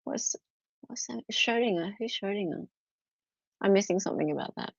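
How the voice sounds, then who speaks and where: An Australian woman hosts a casual live stream about a court trial, chatting with viewers, answering their comments and laughing often. She mocks posh barristers in put-on voices. Her voice is mid-range and creaky at a moderate pace, in a dry recording with the highs cut off.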